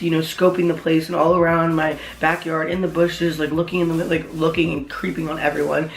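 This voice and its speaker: Young guy vlogging, rambly and excitable, kinda high voice, echoey room. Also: slight background noise. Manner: rambling, heavy on "like", excitable retelling. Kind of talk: casual storytime vlog.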